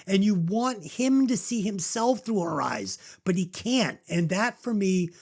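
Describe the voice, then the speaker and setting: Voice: mid-range voice, lively intonation, a little slow, a little mellow. This is a podcast co-host talking through a film in loose, casual chat. The voice moves up and down a lot and sounds moved and choked up, with plenty of casual swearing. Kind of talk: casual movie review chat.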